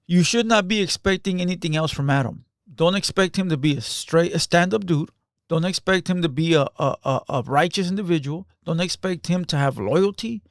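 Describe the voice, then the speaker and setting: A man's voice: a little high, normal speed, no room sound, studio quality. A man giving casual reaction commentary in loose, emphatic street slang, peppered with "bro".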